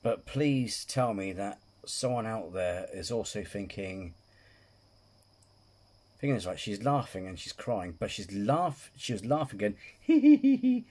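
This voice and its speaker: Husky, giggly man reacting to videos. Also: lowish voice, measured pace, darkish tone. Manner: chatty, giggly, self-mocking crude humour. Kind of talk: casual reaction commentary.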